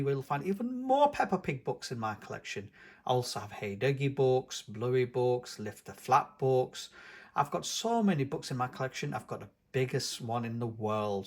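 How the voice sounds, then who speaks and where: A man reading a children's picture book aloud as channel host, with animated storytelling. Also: mid-range voice, breathy edge. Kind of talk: children's read-aloud narration.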